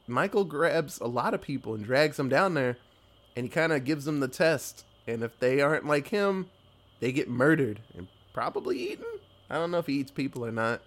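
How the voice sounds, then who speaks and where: A young man chats loosely through a horror movie plot, his voice sitting a little high for a man. He swears freely, laughs often and drops into quick impressions of the characters. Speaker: podcast co-host recapping a movie. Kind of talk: casual movie recap chat.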